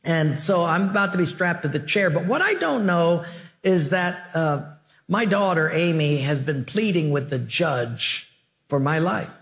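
Animated preacher man telling stories. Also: fairly high pitch, unhurried. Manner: animated, joking, acts out dialogue. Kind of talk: sermon with storytelling.

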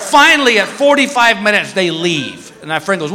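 High, lively stand-up comedian. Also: male voice, fairly quick, a little hiss or hum. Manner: animated, acts out voices of others. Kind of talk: stand-up storytelling. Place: comedy club stage. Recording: echoey live venue with crowd. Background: audience laughter.

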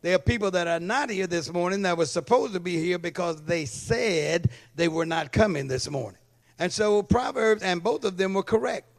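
A male pastor with a high-sitting, animated voice preaches a sermon in church at normal speed. He calls for amens and checks whether the congregation is following along.

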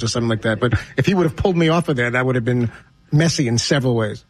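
A man with a New York accent telling a rambling, halting, self-deprecating story. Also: mid-range voice, no room sound. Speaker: podcast regular telling a story. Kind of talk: rambling anecdote.

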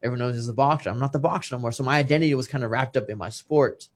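A man's voice: mid-range voice, very fast. A middle-aged man, a retired boxer, telling an emotional personal story in conversation and acting out the dialogue he quotes. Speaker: retired professional boxer, guest.

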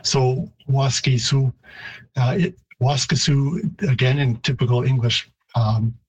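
A man, a linguistics professor, answering radio interview questions in a thoughtful, halting way with many restarts. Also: mid-range voice, steady tone, breathy edge, low-quality recording.

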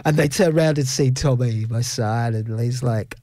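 A man's voice: mid-range voice, moderate pace, warm tone, no room sound, clean studio sound. A middle-aged man hosting a radio show, telling stories in a rambling, chuckling way. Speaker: radio host. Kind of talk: casual radio chat.

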